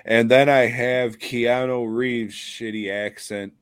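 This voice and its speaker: A man's voice: mid-range voice, steady tone, slow, clean tone, no echo. A man co-hosting a horror podcast in casual comedic chat, profane and mocking, laughing often. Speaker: podcast co-host.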